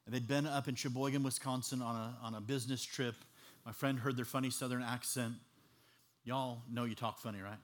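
A man from Chicago preaches his own testimony like a story told to friends. His voice sits at a middling pitch, and he keeps it conversational, with jokes and plenty of fillers along the way. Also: steady tone, brisk, slight background noise. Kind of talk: testimony sermon.

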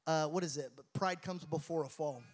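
A male pastor preaching a sermon, telling a story in an animated, jokey way and laughing at his own tales. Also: a little high, fairly quick.

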